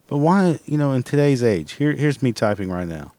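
Man, profane comic rant, exasperated, swearing constantly, sudden loud outbursts, dry close sound. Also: medium pitch, big pitch swings, normal speed, dry recording.

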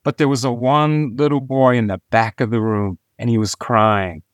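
Guy telling a story on a podcast, acts out the lines, mid pitch, dry close sound. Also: moderate pace, no echo. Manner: animated storyteller who acts out quoted dialogue. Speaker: illustrator, interview guest. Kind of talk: storytelling in conversation.

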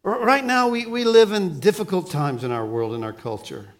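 Preaching at a moderate pace, a male pastor shifts back and forth from soft, low lines to loud, energetic bursts, often starting his words over.

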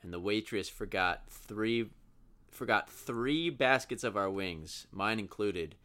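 A man's voice: lowish voice, takes it slowly, bright, forceful tone. A man in his twenties co-hosting a casual podcast, joking and teasing. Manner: jokey, mocking voices. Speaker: podcast co-host. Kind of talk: casual chat.

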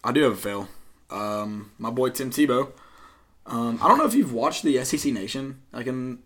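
A man's voice: mid-range voice, lively intonation, normal speed. A young man from Tennessee co-hosting a casual sports podcast, rambling with many fillers. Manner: rambling, many fillers, mock-yells impressions. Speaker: podcast co-host.

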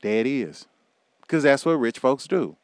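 A man delivering a loud, profane, animated rant to his audience. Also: medium pitch, a little slow, no echo. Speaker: commentary vlogger.

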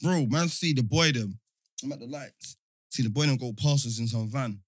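A man's voice: medium pitch, moderate pace, dry recording, studio quality. A young man, telling stories in casual slang-heavy chat and acting out both sides of the exchanges.

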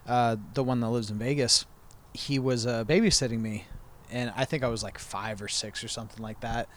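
A man's voice: mid-range voice, fairly even intonation, brisk, a bit bright. A man in casual podcast chat, laid-back and profane, often laughing as he tells stories.

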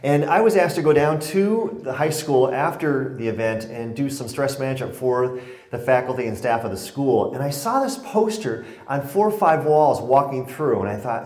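A man's voice: medium pitch, moderate pace, roomy sound. A man from Connecticut giving a humorous public lecture on stress, telling stories and jokes to a laughing audience. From Connecticut, USA. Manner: joking, animated storytelling with audience laughter. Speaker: speaker giving a talk on stress.

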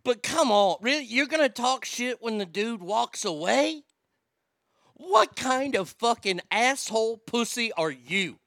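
A man's voice: very high-pitched, animated, a little slow, pushed and bright, no room sound, studio quality. A man telling a story as an angry, swearing rant, heated and indignant.

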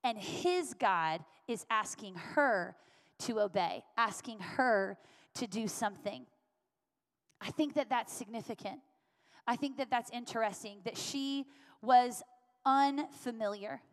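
A woman pastor delivers her sermon earnestly, hammering home her points by repeating them. Her voice sits a little high. The sound carries a long reverb from a church sanctuary. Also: slow. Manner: earnest, repetitive emphatic preaching.

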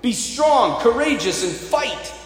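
A man's voice: very high-pitched, very animated, slow pace, pitched above the performer's own voice, exaggerated voice. A man voicing an older apostle who gives a firm, encouraging pep talk to a young friend. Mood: urging. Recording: echoey church hall reverb.

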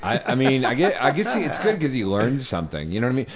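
A man's voice: mid-range voice, wildly swooping pitch, quick pace. A man co-hosting a podcast, trading dry asides and agreeing murmurs. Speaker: podcast co-host. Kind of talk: casual podcast banter.

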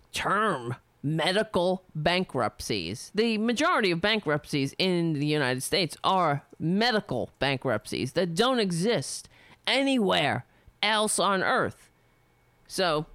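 A woman's voice: lowish voice, no echo. A woman hosting a live stream, reading a letter aloud and breaking off into heated, profane rants. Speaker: livestream host.

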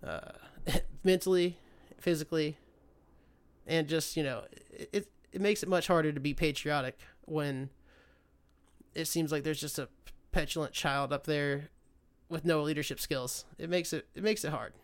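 A man hosting a podcast, ranting in a loose, profane, sarcastic way. He wanders off, loses his thread and restarts sentences. His voice is smooth and resonant and sits a bit high for a man. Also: normal speed. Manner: loses his train of thought, restarts often. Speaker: podcast host. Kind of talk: casual solo political rant.

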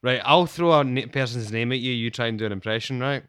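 A man's voice: medium pitch, fast, fairly bright tone, clear, resonant tone, no echo, studio quality. A man hosting a podcast, bantering in a cheeky, teasing way. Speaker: podcast host. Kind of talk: playful casual chat.

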